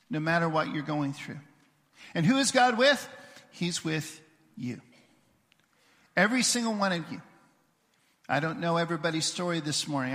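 A man preaching a sermon as pastor, emphatic, shifting his loudness and pace and leading the congregation in responses. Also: on the high side. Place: church sanctuary. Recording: livestream with long hall reverb.

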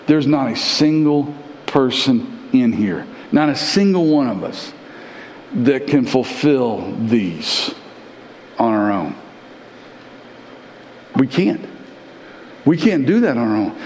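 Animated preacher in a reverberant church. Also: male voice, slow, long pauses, a little hiss or hum. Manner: animated preaching with big pitch swings, repeats words for emphasis. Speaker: pastor. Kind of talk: sermon. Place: large church sanctuary. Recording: long church-hall reverb.

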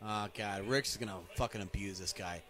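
Here a man with a lowish voice and moderate pace co-hosts a podcast, casually watching an old wrestling match. He rants crudely and profanely, keeping the commentary animated.

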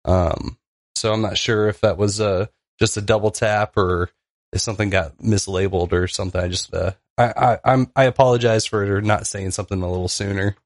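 A man co-hosting a casual podcast, talking haltingly with lots of fillers while he sorts out the tech. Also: lowish voice, fairly even intonation, no echo, clean studio sound. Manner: hesitant, many fillers while fiddling with tech. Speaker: podcast co-host.

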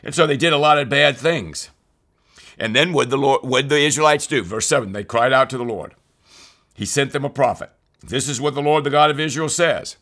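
A man's voice: medium pitch, animated, moderate pace, pauses often, pushed and bright. An earnest man leading a weekly Bible study in a mid-range voice. He talks his listeners through scripture and repeats key phrases for emphasis. When he quotes a passage his voice rises with intensity. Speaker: Bible teacher.

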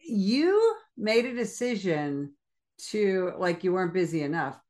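A woman's voice: on the low side, very animated, measured pace, a little mellow. A woman hosting an interview who teaches police wellness classes, asking appreciative questions. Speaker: podcast host and police wellness instructor.

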